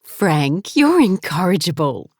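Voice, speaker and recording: A woman voicing a content middle-aged wife and mother, gentle and amused. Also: on the low side, very animated, slow pace, husky, no echo, studio quality, heavily acted. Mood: fond.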